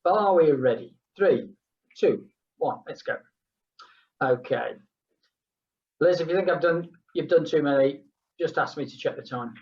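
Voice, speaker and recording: A woman's voice: low-pitched, measured pace, long pauses, darkish tone, dull audio. A woman leading a group exercise class, chatting between count-downs and humming playful sounds. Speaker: fitness instructor.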